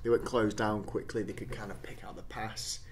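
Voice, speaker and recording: Conversational man with low voice. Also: flat delivery, fairly quick, slight background noise. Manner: conversational, agreeable, frequent tag questions. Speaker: podcast co-host. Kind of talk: casual football podcast chat.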